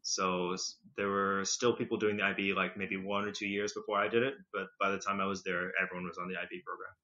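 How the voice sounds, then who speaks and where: Bright man with a slight British tinge. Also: low-pitched, level tone. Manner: rambling, filler-heavy, quick to laugh. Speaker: podcast guest. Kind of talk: casual conversational storytelling. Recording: slightly muffled lo-fi recording.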